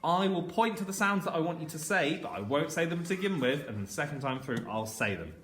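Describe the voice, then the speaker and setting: A man teaching a phonics lesson to young children, slowly sounding out words and encouraging them. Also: on the high side, lively intonation, a bit bright, reverberant. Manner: slow, sounding out words letter by letter. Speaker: primary school teacher.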